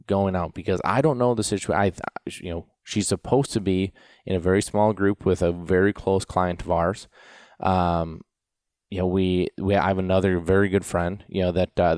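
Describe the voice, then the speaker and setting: Male podcast host and dog trainer, deep low voice, rambling storyteller, dry close sound. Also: darkish tone, no room sound. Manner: rambling, storytelling with many restarts and fillers. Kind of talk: casual podcast talk.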